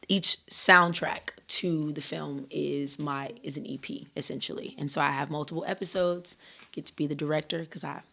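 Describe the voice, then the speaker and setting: Female guest artist, low and monotone, measured and declarative. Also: vocal fry. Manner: measured, declarative self-description. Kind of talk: podcast interview.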